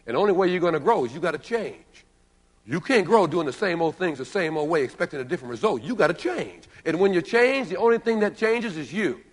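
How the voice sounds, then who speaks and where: A man's voice: sits high, lively intonation, fast. A man giving an emphatic, playful motivational keynote. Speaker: motivational speaker. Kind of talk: live keynote. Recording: reverberant hall.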